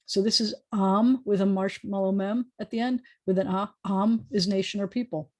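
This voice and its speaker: A woman's voice: medium pitch, steady tone, moderate pace, warm tone, no room sound. American woman rabbi teaching over video call. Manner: patient, chatty teacher demonstrating sounds aloud. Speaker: rabbi teaching a beginner Hebrew class. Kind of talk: online language lesson. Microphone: desk microphone on a video call.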